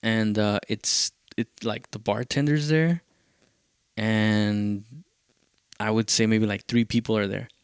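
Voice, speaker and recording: A man's voice: on the low side, fairly even intonation, takes it slowly, clean tone, no room sound, studio quality. A male podcast host, telling a loose, profane story in a casual rambling way and dropping in Spanish phrases.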